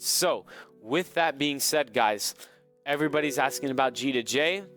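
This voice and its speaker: A man hosting a live trading stream in a casual, earnest, coaching tone. He talks at an average pitch, circles back to his points and repeats phrases as he speaks. Soft music plays faintly behind him. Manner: earnest, motivational, repeats himself.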